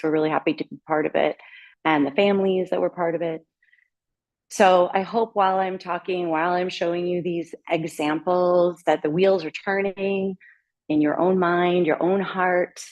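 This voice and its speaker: Woman presenter, low voice, earnest and casual, hesitant fillers. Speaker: conference presenter.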